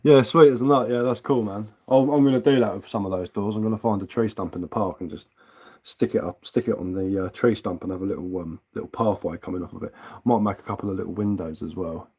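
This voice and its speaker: Low-voiced man chatting on a live stream. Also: quick pace, darkish tone, breathy edge. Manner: easygoing, chatty, answers viewer comments. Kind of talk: casual live stream chat.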